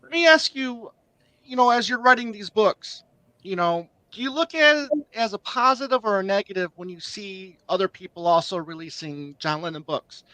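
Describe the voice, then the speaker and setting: Podcast cohost guy, high bright voice, laid back, asks the guest stuff. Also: normal speed, no room sound, rough recording. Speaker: podcast co-host. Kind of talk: casual podcast conversation.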